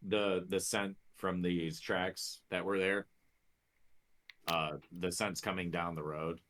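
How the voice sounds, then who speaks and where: Deep-voiced man playing a tabletop game. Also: flat delivery, slow, fairly bright tone, slight background noise. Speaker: player. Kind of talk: casual tabletop game chat.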